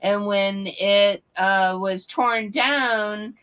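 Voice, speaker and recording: A woman from Texas, a guest on an interview show, telling stories in a friendly, unhurried way. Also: mid-range voice, fairly bright tone, clean tone. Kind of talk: interview answers.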